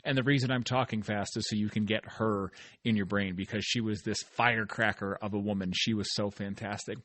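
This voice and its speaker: A man's voice: lowish voice, steady tone, brisk, fairly bright tone, no room sound. A middle-aged man hosting a solo motivational podcast, talking in an earnest, encouraging way and repeating phrases for emphasis. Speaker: podcast host.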